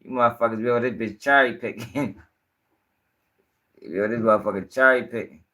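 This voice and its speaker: Young male streamer, bright forceful tone, profane and rambling. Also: mid-range voice, fairly quick. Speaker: commentary livestream host. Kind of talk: casual livestream commentary.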